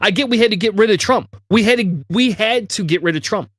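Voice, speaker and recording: Podcast co-host, male, high voice, angry swearing rant, dry close mic. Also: a little fast, a bit bright, dry recording. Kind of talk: heated political discussion.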